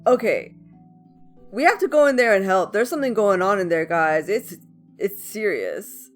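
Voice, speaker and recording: Expressive woman playing a tabletop game. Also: medium pitch, normal speed, soft background music. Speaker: player.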